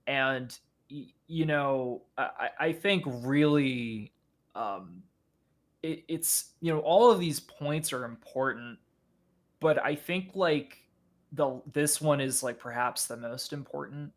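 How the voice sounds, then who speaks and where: A man speaking as a podcast guest in casual discussion, halting and full of fillers and restarts. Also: mid-range voice.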